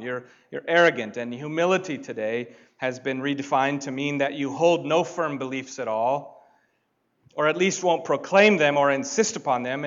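A man preaching a sermon, deliberate and building to emphatic points. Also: fairly high pitch, fairly bright tone, highs cut off. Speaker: pastor.

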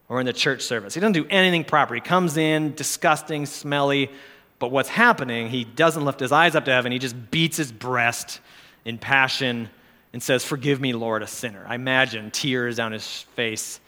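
A man's voice: mid-range voice, normal speed, bright, forceful tone. A man preaching a sermon in an earnest, pleading, conversational way, correcting himself as he goes. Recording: long hall reverb.

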